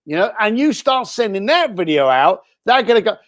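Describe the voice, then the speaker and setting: A British man, a guest on an interview show, giving casual advice in an animated way and acting out what people might say. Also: high voice, moderate pace, hardly any pauses, dry recording, studio quality. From Britain. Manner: animated, acts out quoted speech.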